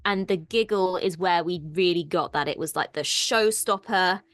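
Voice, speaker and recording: A woman's voice: on the low side, moderate pace, no room sound, soft background music. A woman with an Irish accent co-hosting a casual TV discussion, chatty and enthusiastic. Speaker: co-host.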